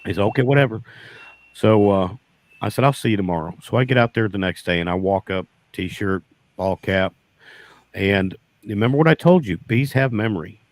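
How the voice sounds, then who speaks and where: In a lowish, expressive voice at normal speed, a man appearing as a beekeeper guest spins a homespun yarn. He keeps relaying his own words with "I said," and the recording is dry.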